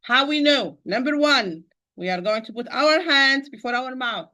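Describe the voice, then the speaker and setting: A woman's voice: high voice, moderate pace, sharp tone. Patient woman teaching Quran recitation. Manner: patient, repetitive, addresses listeners as dear sister. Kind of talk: online tajweed lesson.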